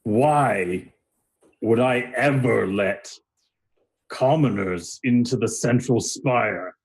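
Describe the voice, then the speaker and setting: A man voicing a furious, exasperated male city magistrate who speaks slowly. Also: mid-range voice, pitched above the performer's own voice. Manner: slow, exasperated.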